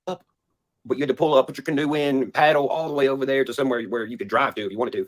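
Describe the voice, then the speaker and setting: Dude ranting fast in a video clip, indignant, mid-pitched. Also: male voice, steady tone. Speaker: YouTuber in played clip.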